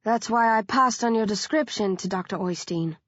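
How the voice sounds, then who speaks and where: A woman's voice: medium pitch, normal speed, dry recording, dull audio, natural voice. A woman voicing a kind, compassionate male counselor with a reassuring manner. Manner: warm, reassuring.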